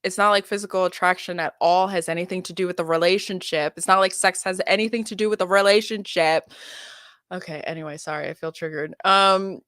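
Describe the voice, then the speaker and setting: A woman's voice: lowish voice, fairly even intonation, brisk, a bit bright, smooth, dry recording, clean studio sound. Giggly, chatty young woman streamer. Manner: giggly, chatty, full of filler "like". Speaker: streamer reacting to a video. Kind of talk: casual reaction stream.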